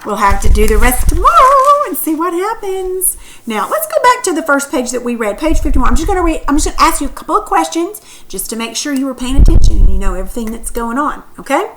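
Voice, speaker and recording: A woman's voice: high voice, sing-song, fast talker, noisy background. A woman teacher reading a story aloud and then asking questions about it patiently.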